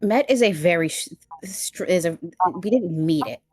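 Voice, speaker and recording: A woman playing a tabletop game, giggly and animated, telling stories with halting restarts. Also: on the low side, dry recording, studio quality. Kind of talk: in-character table banter.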